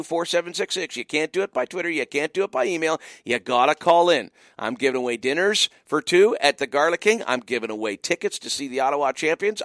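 A man hosting a radio trivia show, his voice swinging up and down with animated, teasing energy. He keeps repeating the call-in number and needles his listeners. The studio sound is close and dry. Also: fairly high pitch, dry recording. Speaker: radio host running a movie trivia call-in. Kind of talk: casual radio call-in chat.

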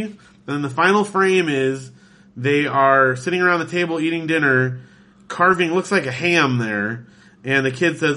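A man with a bright, sharp, fairly high voice narrates a comic strip panel by panel on a casual podcast. He reads the captions and adds bemused, amused asides. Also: normal speed. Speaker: podcast co-host. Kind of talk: reading a comic strip aloud in casual chat.

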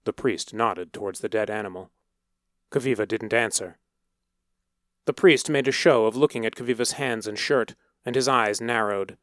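A man's voice: fairly low pitch, moderate pace, fairly bright tone, dry recording. Man narrating a story, dry sound.

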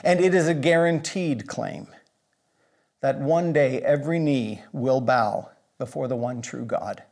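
A man preaching a sermon in an earnest, measured way, pausing for emphasis. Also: mid-range voice, vocal fry, darkish tone. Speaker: pastor.

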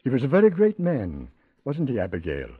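Through a tinny old radio broadcast, an actor performs in 1940s radio style as a genteel, earnest, pious man who runs a charity house. His medium-pitched voice is husky and brisk, with huge swings in pitch.

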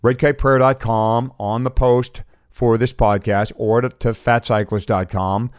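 A man's voice: medium pitch, fairly even intonation, measured pace, clean tone, dry recording, clean studio sound. A man hosting a podcast in a casual chat, wry and joking. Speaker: podcast host.

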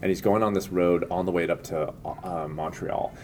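A man hosting a casual chat, telling stories in a lively way with frequent laughs. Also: sits low, moderate pace, a little hiss or hum. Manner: animated storyteller, laughs often. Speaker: podcast host.

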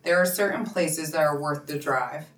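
A woman hosting a casual chat, eager and quick to agree with her guest. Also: low-pitched, distant mic. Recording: roomy echo, voice a bit off-mic.

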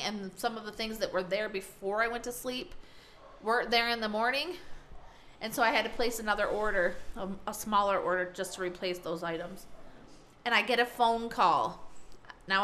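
A woman chatting casually and telling a story with lots of expression. Her voice sits a little high, and she jumps into the voices of the people in the story. The talk is relaxed and conversational. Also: slight background noise. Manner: animated storyteller who acts out the voices of others. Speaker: teacher.

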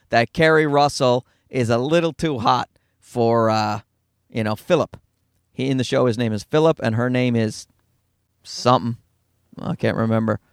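Middle-aged Newfoundland comic, rapid-fire and self-mocking, dry close-up sound. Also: male voice, fairly high pitch, no room sound. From Newfoundland, Canada. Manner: fast-talking, profane, self-deprecating. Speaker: stand-up comedian, podcast host. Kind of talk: casual rambling monologue. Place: in a car.

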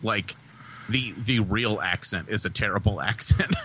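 A man co-hosting a podcast, reviewing a movie in a rambling, profane, excitable way. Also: lowish voice, a little slow, a little hiss or hum, rough recording. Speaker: podcast co-host. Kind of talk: casual movie review chat.

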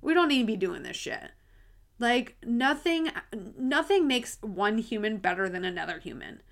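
A woman's voice: on the high side, expressive, normal speed, gravelly. Woman host, 30s; blunt, casual, swears, laughs a lot. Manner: candid and blunt, swears freely, laughs often. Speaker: podcast host. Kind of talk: casual solo podcast talk.

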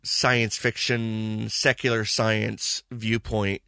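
A man co-hosting a casual film review chat, speaking in a hesitant, halting way with many pauses. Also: lowish voice, flat delivery, vocal fry, sharp tone, smooth, dry recording. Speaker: podcast co-host.

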